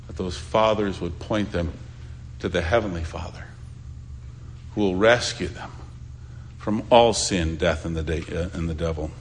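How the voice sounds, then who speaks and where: A man preaching a sermon as a pastor, pleading and swinging between loud appeals and hushed asides. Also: lowish voice, a little hiss or hum.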